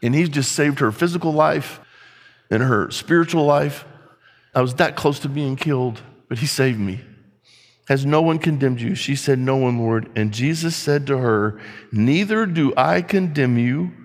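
A man's voice: medium pitch, unhurried, big-room sound. A man preaching a sermon in an emphatic, conversational way, asking rhetorical questions.

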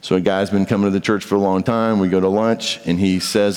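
A man's voice: deep voice, flat delivery, a little fast, hardly any pauses, a little mellow, clean tone. A male pastor preaching a sermon with emphatic delivery, acting out the voices of imagined speakers. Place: large church sanctuary. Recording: reverberant hall.

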